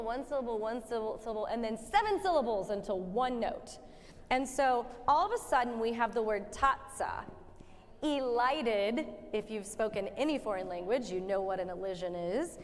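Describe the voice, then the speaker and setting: A woman directing a choir rehearsal, joking with the singers and demonstrating sung phrases as she coaches. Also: on the high side. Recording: long hall reverb with faint music.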